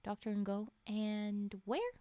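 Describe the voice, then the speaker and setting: A woman voicing a calm clinical doctor. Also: mid-range voice, slow pace, dry recording, pitched below the performer's own voice. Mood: measured.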